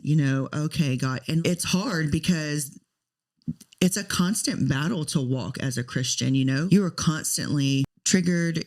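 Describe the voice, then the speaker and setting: A woman's voice: extremely low pitch, a little mellow. A woman in her thirties co-hosting a podcast, telling a personal story in an earnest, talkative way. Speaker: podcast co-host.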